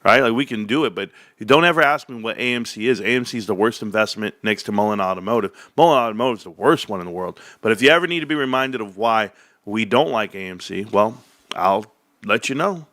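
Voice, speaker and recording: A man's voice: lowish voice, lively intonation, quick pace, fairly bright tone, no echo. A man hosting his own stock market stream, giving brash, combative and profane commentary.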